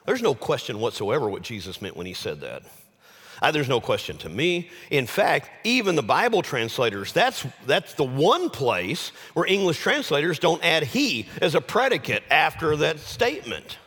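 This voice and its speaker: A male pastor preaching a sermon, swinging from loud exclamations to hushed, low phrases. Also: sing-song, normal speed. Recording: long hall reverb.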